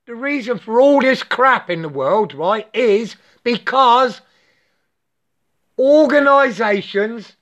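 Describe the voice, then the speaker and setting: Slow, ranting speaker in clipped broken English. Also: medium pitch, expressive, a bit bright. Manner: clipped broken English, drops articles, tag questions like "yeah?"; swears often and vents with angry emphasis. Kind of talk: impassioned monologue rant. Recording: dull lo-fi recording.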